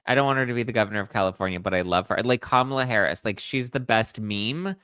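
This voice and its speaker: Smooth-voiced man hosting a casual podcast. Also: lowish voice, quick pace, sharp tone, no echo, clean studio sound. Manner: chatty, sarcastic. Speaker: podcast host. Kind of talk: casual political chat.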